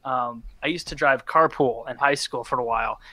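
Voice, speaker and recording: A man's voice: mid-range voice, moderate pace, bright, forceful tone, no echo. A young man casually telling stories on a podcast, swearing freely and acting out the people he quotes. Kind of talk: casual storytelling chat.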